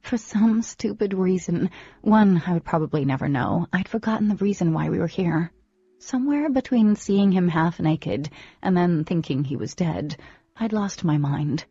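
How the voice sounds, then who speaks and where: Expressive husky-voiced woman narrator. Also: on the low side, moderate pace, dry recording, muffled recording. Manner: expressive, dramatic storytelling. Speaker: audiobook narrator. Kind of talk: first-person audiobook narration.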